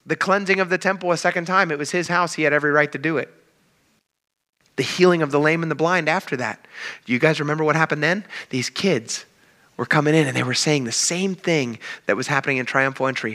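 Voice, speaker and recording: A man preaching a sermon in a relaxed, conversational style, talking straight to his congregation. His voice sits a little high and sounds bright and crisp. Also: fairly quick. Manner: conversational, addresses the crowd as "you guys". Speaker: pastor.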